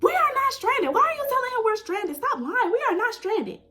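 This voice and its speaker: Shrill indignant young woman, as a storyteller puts her on. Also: very animated, brisk, sharp tone, exaggerated voice. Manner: high-pitched, insistent.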